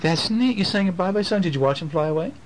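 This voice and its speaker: A man, a father, reading a picture book aloud to his children at home, gentle and playful with lively sing-song emphasis. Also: high voice, fast talker, a little hiss or hum, poor audio. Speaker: father reading a bedtime story.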